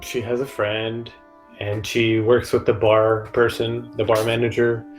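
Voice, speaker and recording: A man's voice: medium pitch, monotone, unhurried, faint music behind, low-quality recording. A man playing a tabletop game in character, stammering and restarting his sentences. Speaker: player. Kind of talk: in-character tabletop role-play.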